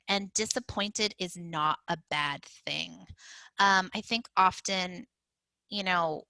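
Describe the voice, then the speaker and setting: A woman's voice: mid-range voice, bright, forceful tone, dry recording, rough recording. A woman educator giving a conversational parenting talk, with frequent fillers and restarts. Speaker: early childhood educator.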